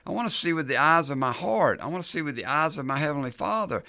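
A man's voice: fairly high pitch, animated, fast talker, vocal fry, pushed and bright, no echo, studio quality. A man preaching a sermon as a pastor in an easygoing, conversational way, repeating key lines for emphasis.

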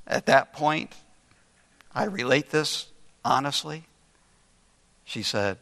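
An older man preaching a sermon, telling a story earnestly with slow, deliberate emphasis. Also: medium pitch, lively intonation, gravelly, bright, forceful tone. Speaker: pastor. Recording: long reverb in a large hall.

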